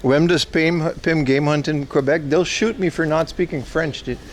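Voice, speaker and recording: A man's voice: a little high, fairly even intonation, normal speed. A man hosting a casual livestream outdoors on a city street, joking and answering his chat as he walks. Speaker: livestream host.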